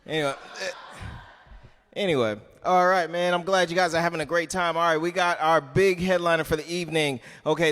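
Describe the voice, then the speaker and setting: A man's voice: mid-range voice, a bit bright, smooth. A man hosting a comedy show, loose and rambling between acts as he introduces the headliner. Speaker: host. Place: comedy club stage. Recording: reverberant comedy club hall.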